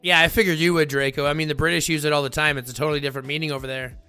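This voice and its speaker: A man hosting a livestream, chatting casually with viewers in a rambling, animated way full of fillers. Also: on the high side, rapid-fire, clean tone, soft background music. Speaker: livestream host.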